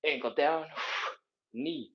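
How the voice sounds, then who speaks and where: A man's voice: on the high side, slow, gravelly, muffled recording. A man leading a live stretching workout, counting reps aloud while he exercises, a bit out of breath. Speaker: fitness instructor. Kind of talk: live mobility workout instruction.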